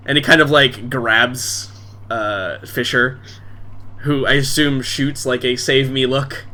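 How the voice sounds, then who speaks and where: A man's voice: medium pitch, fairly even intonation, slow pace, pushed and bright. A man narrating as game master in a casual, filler-heavy way.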